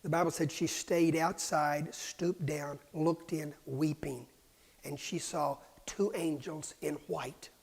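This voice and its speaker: A man preaching a sermon, dropping to hushed whispers and rising to loud, fervent cries. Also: fairly high pitch, steady tone, slow pace, gravelly, slightly rough.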